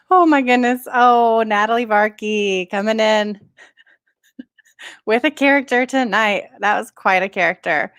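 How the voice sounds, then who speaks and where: A woman's voice: medium pitch, measured pace, a bit bright, smooth, no echo, clean studio sound. Bubbly woman hosting a streamed comedy show. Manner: giggly, bubbly, effusive. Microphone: video call.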